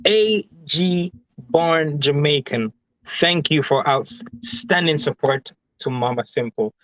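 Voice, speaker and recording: A man's voice: a little high, takes it slowly, a bit bright, no echo. Man co-host, joking, laid-back, dry muffled lo-fi sound. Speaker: livestream co-host. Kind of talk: casual livestream chat.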